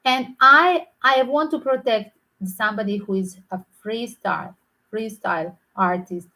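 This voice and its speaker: A woman's voice: fairly high pitch, measured pace, bright, forceful tone, low-quality recording. A woman tarot reader talking through a rambling, opinionated vlog commentary, emphatic and full of restarts.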